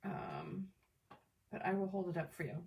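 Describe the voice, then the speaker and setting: A woman hosting a live crafting demo from home, chatting with viewers by name in an excitable, chatty way. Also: fairly low pitch, moderate pace, vocal fry, recorded from a distance, a little hiss or hum. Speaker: crafting livestream host. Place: home craft table, camera on tripod.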